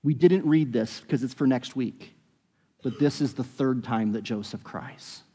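A man's voice: medium pitch, measured pace, slightly rough. Man preaching in an echoing hall. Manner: animated retelling with quoted dialogue, conversational. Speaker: pastor. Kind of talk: sermon. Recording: long reverb of a large hall.

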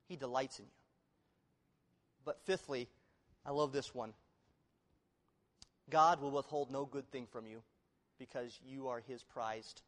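A male pastor preaching a sermon, moving between loud, emphatic declarations and quiet, hushed appeals to the congregation. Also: mid-range voice. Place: church sanctuary. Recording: long reverb of a large hall.

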